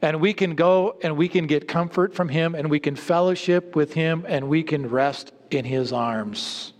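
A male preacher delivers a sermon in a fairly high voice, stressing and repeating his key points. He speaks directly to his listeners, and a long reverberant hall carries his words. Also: measured pace.

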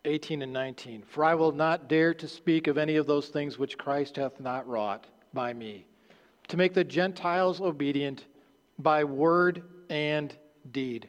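A man's voice: fairly even intonation, muffled recording. Earnest preaching man in reverberant hall. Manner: earnest, halting with repeated restarts, drops low at phrase ends. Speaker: pastor. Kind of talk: sermon. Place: church sanctuary.

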